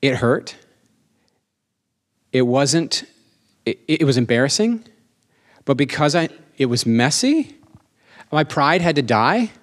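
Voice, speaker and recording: A middle-aged male pastor preaching a sermon, animated and emphatic, asking the congregation for amens and slowing down to stress key lines. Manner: slows down for emphasis, rising pitch on key lines.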